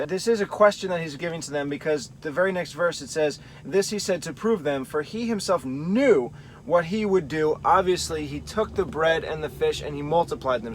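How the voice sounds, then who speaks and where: A man's voice: a little high, slight background noise. A man teaching a Bible study, thinking aloud and carefully weighing different readings of the text. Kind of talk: explanatory Bible study talk.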